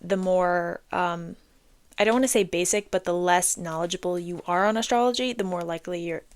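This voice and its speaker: A woman's voice: on the low side, a little fast, clear, resonant tone, no room sound. Young woman rambling emphatically into her phone. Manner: rambling, heavy use of "like", emphatic swearing. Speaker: podcast host. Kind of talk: casual solo monologue. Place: indoors under an air vent. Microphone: phone recording.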